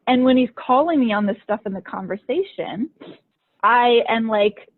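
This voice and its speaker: A woman's voice: on the high side, lively intonation, moderate pace. Chatty woman host, lots of like's, sounds thin like a phone call. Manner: chatty, frequent "like" fillers. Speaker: podcast host and coach. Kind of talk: casual conversational storytelling. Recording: tinny phone-like line.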